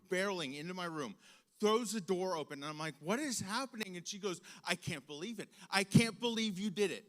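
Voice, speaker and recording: A young man with a high, bright voice tells a story to a large room of students, acting out its voices with animated energy. His voice rings with the long reverb of a big hall. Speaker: speaker to students. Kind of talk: storytelling talk.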